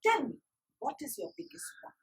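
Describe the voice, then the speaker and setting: A woman's voice: extremely high pitch, vocal fry, full character voice. A woman voicing a kindly old spiritual master. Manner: calm, kindly, measured. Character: wise compassionate old male spiritual master.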